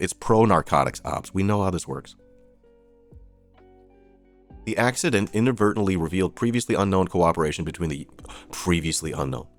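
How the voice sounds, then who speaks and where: Deep-voiced man doing sarcastic news commentary. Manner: sarcastic, profane asides while reading headlines. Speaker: live stream host. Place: streaming setup.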